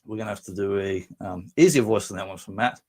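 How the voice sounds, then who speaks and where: A man's voice: fairly low pitch, fast talker, a little mellow. Rambling Australian man on a livestream. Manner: rambling, self-mocking, bursts into silly voices. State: voice strained after drinking. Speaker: livestream host. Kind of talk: casual live chat reading viewer comments.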